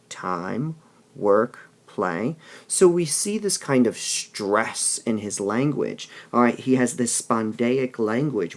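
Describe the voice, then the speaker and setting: A man with a gravelly, creaky voice teaching a literature lesson. He explains patiently and keeps checking in with the class as he talks. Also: medium pitch, a little mellow. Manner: explanatory, with frequent "all right?" checks. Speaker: English teacher. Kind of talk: recorded lesson.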